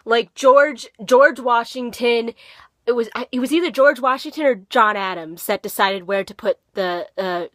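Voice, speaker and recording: Bright-voiced teen girl with faint Minnesotan accent. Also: medium pitch, dry recording. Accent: slight Minnesotan. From Minnesota, USA. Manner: rambling, filler-heavy, chatty. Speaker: vlogger. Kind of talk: casual talking-to-camera vlog.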